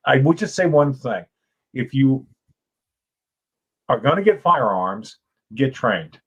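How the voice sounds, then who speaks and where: A middle-aged man telling a lively story as a guest on a podcast, acting out voices and shouting now and then. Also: mid-range voice, slow pace, husky, muffled recording. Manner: animated yarn-spinner, acts out Southern voices with shouts. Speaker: author and guest.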